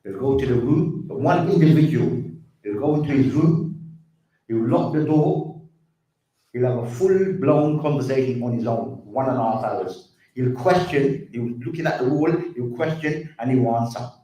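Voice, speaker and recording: A man's voice: mid-range voice, normal speed, warm tone. A man giving an earnest community talk about drug addiction, repeating himself and calling the listeners brothers and sisters. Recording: very echoey hall, distant mic.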